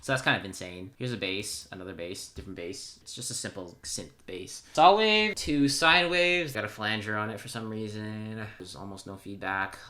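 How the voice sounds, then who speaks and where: Low-voiced man walking through a track. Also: steady tone, fairly quick, few pauses. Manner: loose, offhand and self-deprecating, pointing things out as he goes. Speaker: music producer explaining his track. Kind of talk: casual screen-recorded tutorial. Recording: music playing loudly under the voice. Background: his own track playing, keyboard typing.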